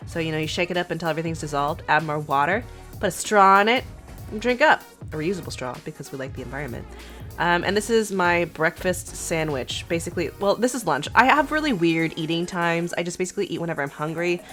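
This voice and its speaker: A woman's voice: fairly low pitch, expressive, fast, fairly bright tone, faint music behind. Sick-voiced chatty woman vlogger. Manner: chatty, rambling, lots of "like" and "um". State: sick, congested voice. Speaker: food vlogger. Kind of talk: casual vlog narration.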